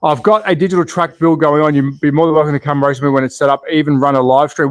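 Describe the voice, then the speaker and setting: A man's voice: on the high side, steady tone, quick pace, few pauses, dry recording. An Australian man hosting a casual live stream, chatting, thinking aloud and answering viewers' chat. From Australia, Melbourne. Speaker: slot car channel host.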